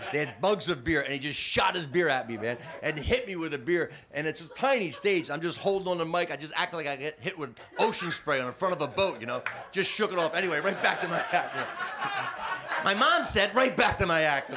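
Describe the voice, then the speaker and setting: Older male comic, gravelly, slightly high, telling a lively stand-up story with shouted asides. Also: fast, few pauses, crowd noise. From New Jersey. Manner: animated, laughing while telling, shouting out quotes. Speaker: stand-up comedian.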